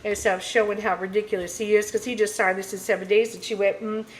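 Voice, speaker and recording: A woman's voice: mid-range voice, little pitch movement, fast talker, a little hiss or hum, poor audio. A woman in a mid-range voice rants casually to her camera as a tarot reader. She is blunt and rambling, and she stacks filler phrases between her points.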